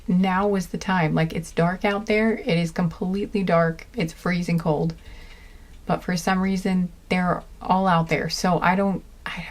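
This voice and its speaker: A woman's voice: lowish voice, darkish tone. A woman giving a casual tarot reading, rambling with lots of fillers and restarts, gushing and tender. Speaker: tarot card reader.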